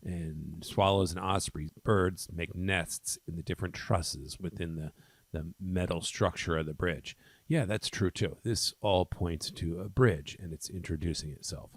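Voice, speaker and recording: Very low voiced guy explaining a poem bit by bit for test prep, lots of um and okay. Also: fairly even intonation, measured pace, breathy edge, no room sound. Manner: explains step by step, with ums and okays. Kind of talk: poem walkthrough lesson.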